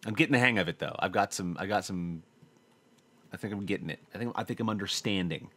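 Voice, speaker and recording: A man commentating his own gameplay, talking to himself, swearing often and swinging from low muttering to loud frustrated outbursts. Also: quick pace. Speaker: gaming channel host. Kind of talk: let's play commentary.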